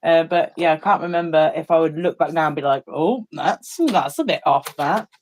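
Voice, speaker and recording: A woman's voice: deep voice, normal speed. Teasing woman painting and chatting. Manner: teasing, playful, rambling with restarts. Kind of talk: casual chat while painting on a stream.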